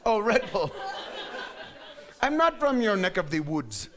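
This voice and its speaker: High, lively male emcee teasing a crowd. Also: measured pace, background noise. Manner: bawdy, teasing, quizzes the crowd. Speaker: burlesque show emcee. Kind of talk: live stand-up banter with audience. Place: stage at a live burlesque show. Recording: live room with audience. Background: laughing crowd.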